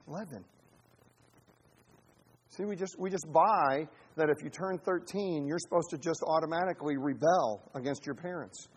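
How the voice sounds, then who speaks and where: A man in his forties preaches to his congregation, his voice sitting fairly high. He tells humorous stories from his family life, then builds into emphatic, rising exhortation. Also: slightly rough. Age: 40s. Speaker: pastor. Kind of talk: sermon.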